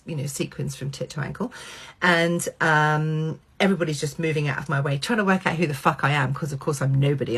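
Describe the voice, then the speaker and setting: Husky low-voiced middle-aged woman storyteller. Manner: animated, swears freely, acts out quotes. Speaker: vlogger. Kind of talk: personal anecdote storytelling.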